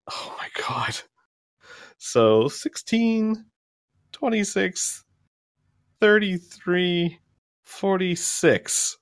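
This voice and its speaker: Male game master, unhurried and rambling, dry close mic. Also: on the low side, dry recording. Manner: rambling, laughs between lines, counts out loud. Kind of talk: narrating a tabletop game.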